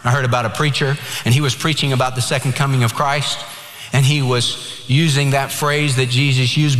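A man's voice: mid-range voice, fairly even intonation, brisk, fairly bright tone. A man preaching a sermon, earnest and direct, quoting scripture and telling a joke along the way. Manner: earnest preaching, tells jokes and quotes scripture. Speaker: pastor. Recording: echoey hall with long reverb.

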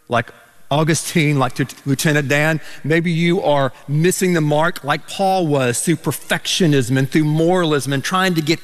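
A pastor preaching a sermon, telling stories with animated, emphatic delivery. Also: male voice, on the high side. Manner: animated storytelling, rising to emphatic peaks. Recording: reverberant church hall.

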